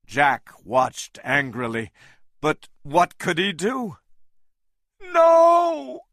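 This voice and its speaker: Slow, bright male storybook narrator. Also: medium pitch, no echo, studio quality. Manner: slow and clearly articulated for learners. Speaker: audiobook narrator. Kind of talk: slow reading of a graded English-learner storybook.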